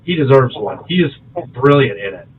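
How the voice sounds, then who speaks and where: A man co-hosting a podcast in loose, profane casual chat, animated and quick to laugh. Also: medium pitch, husky, phone-quality sound. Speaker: podcast co-host.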